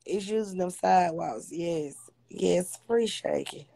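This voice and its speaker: A woman's voice: lowish voice, a little slow, gravelly, mellow, no echo. A woman hosting a casual livestream on her phone, blunt, profane and confrontational as she talks to viewers. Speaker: livestream host.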